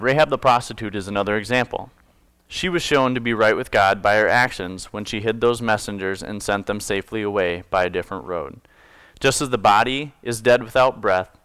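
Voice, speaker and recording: Reading scripture aloud and then explaining it with jokes and self-corrections, a pastor addresses his congregation casually. His fairly low voice sounds a bit bright, clear, and resonant, captured dry.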